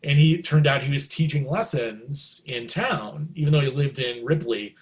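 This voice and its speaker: Chatty middle-aged musician telling stories. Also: male voice, mid-range voice, normal speed. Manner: animated, jumps into excited quoted reactions; loose and chatty, many likes and you knows. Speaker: guest musician. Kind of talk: casual storytelling in an interview.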